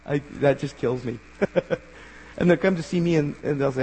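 Earnest gravelly male pastor preaching. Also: medium pitch, a little fast, slight background noise. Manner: earnest, builds to emphatic bursts then drops quiet. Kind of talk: sermon. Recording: long hall reverb.

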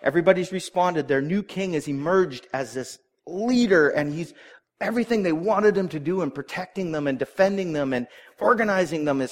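A man preaching a sermon, retelling a Bible story in a conversational way and briefly acting out the characters' lines. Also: fairly high pitch. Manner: conversational storytelling, acts out voices. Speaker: pastor.

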